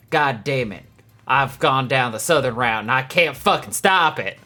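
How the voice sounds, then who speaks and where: Male gaming streamer, bright voice, exasperated and foul-mouthed. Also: medium pitch, expressive, normal speed. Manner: exasperated, swears a lot.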